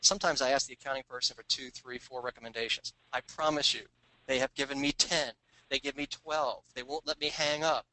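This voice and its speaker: Bright, punchy man telling business stories. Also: mid-range voice, fairly quick, low-quality recording. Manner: animated storyteller, acting out phone calls in put-on voices. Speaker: author talking about his sales book. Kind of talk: storytelling business talk.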